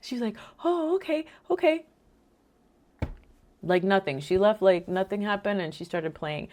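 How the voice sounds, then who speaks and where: A woman from Rico, hosting and telling a faith-based family story in a lively, laughing way. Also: mid-range voice, moderate pace. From Puerto Rico. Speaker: podcast host.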